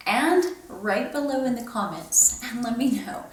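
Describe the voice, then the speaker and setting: Woman in her fifties, fitness instructor, encouraging, slightly winded, slow and unhurried, recorded far off in a very echoey room. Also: a little high. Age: 50s. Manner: encouraging, counts reps while lifting. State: a little out of breath. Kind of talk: home workout demonstration. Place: home room.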